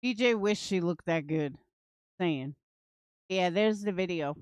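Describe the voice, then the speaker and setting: A woman hosts a late-night commentary stream from home, blunt and sarcastic, with plenty of swearing. Her voice comes through smooth and clear, close to the mic in a dry, dead-sounding space. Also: on the low side, measured pace, a little mellow, no echo. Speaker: true crime commentary streamer. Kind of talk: casual livestream commentary.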